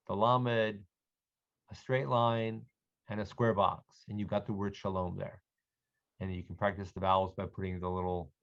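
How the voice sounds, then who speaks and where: A man teaching an online Hebrew reading lesson to adult learners, slowly and patiently sounding out words for them to repeat. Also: fairly low pitch, gravelly, dull audio.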